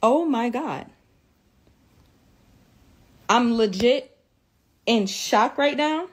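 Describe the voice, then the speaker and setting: A tearful woman in a profane, repetitive vlog rant, swinging between shock and defiance after days of crying. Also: medium pitch. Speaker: social media creator.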